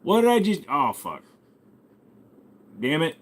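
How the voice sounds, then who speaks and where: A young man with a fairly high voice that swoops wildly in pitch speaks slowly as he hosts a laid-back livestream. He reads viewer comments aloud and answers with crude jokes, swearing often.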